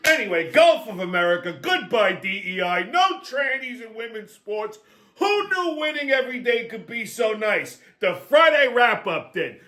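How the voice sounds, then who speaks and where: A man's voice: sits high, sing-song, normal speed, pushed and bright. A male host ranting on a comedic political show, brash, swaggering and full of swearing. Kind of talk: profane comedic political rant.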